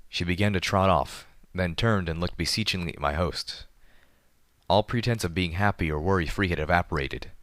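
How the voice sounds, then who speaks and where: A man reading a story aloud in a steady, measured narration. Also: deep voice, no room sound, clean studio sound. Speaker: audiobook reader. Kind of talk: fan fiction audiobook narration.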